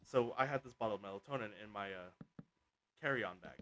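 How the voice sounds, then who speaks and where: A man's voice: lowish voice, brisk, fairly bright tone, highs cut off, a little hiss or hum. A man, a gaming host, telling a rambling story casually while he plays. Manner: rambling, full of "like" and restarts.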